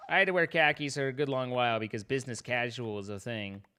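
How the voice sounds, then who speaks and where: A man's voice: mid-range voice, fast talker, heavy background noise. A man chatting casually while streaming a game, rambling and joking at his own expense. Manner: rambling, self-mocking joking to chat. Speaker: livestreamer. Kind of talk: casual gaming livestream chat.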